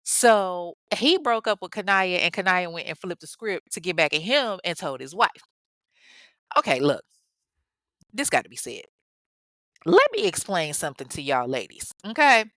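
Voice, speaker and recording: A woman's voice: lowish voice, very animated, moderate pace, sharp tone, dry recording. A woman casually telling a crime story in a sassy, profane way, talking straight to her listeners. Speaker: podcast host.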